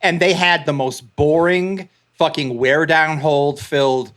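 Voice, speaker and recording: A man co-hosts a casual podcast in a slightly high voice. He is blunt and profane, often stopping and restarting mid-thought. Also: steady tone, measured pace, fairly bright tone. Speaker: podcast co-host. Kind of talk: casual wrestling review chat.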